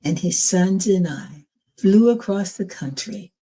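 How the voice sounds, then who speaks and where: A woman's voice: mid-range voice, expressive, mellow, breathy edge. An older woman hosting her show and telling a personal testimony in an earnest storytelling manner, acting out what others said. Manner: earnest, slow storytelling with acted quotes. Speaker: podcast host telling her own story.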